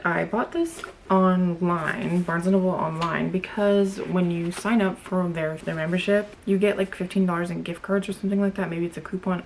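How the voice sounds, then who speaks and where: A woman's voice: fairly low pitch, darkish tone, slight background noise. A young woman vlogger chatting casually to camera, blunt and opinionated, laughing often.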